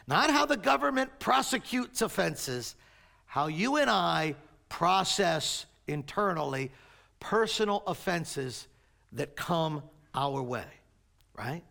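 A man preaching a sermon, swinging between raised emphatic lines and quiet low asides. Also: expressive, slow pace, gravelly. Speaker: pastor.

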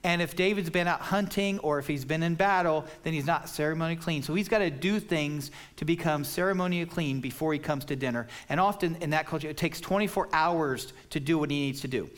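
A man's voice: a little high, brisk, hardly any pauses. A man preaching an expository sermon, explaining scripture in a plain, conversational way. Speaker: pastor.

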